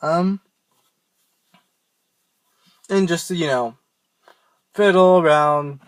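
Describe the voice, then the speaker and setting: A man's voice: a little high, very slow, smooth, no echo. A young man giving a casual, rambling tutorial on screaming technique, joking at his own expense. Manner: rambling, self-mocking, loose and informal.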